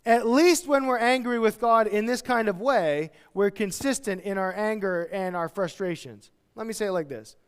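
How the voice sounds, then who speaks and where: A man, a pastor, preaching a verse-by-verse sermon with animated delivery, acting out everyday voices. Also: high voice, moderate pace, hardly any pauses, smooth, big-room sound. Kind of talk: expository sermon. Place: church.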